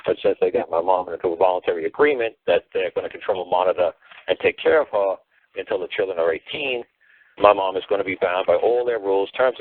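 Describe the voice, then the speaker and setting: A man's voice: sits low, slight background noise. A man calling in to a talk show, blunt and emphatic, repeating his points over a phone line. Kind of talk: call-in talk show rant. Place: on a phone call.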